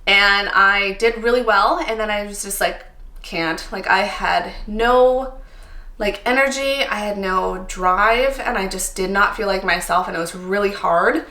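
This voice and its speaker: A tired, somewhat emotional woman in her thirties from Canada talks candidly to camera as a vlogger, using many ums and likes. Her medium-pitched voice sounds pushed and bright at a measured pace, and the room is echoey.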